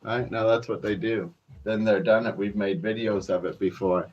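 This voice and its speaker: A man's voice: fairly low pitch, fairly even intonation, normal speed. A man from Canada rambling casually and profanely to his viewers, calling them folks, with plenty of fillers. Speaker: vlogger. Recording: dull lo-fi sound.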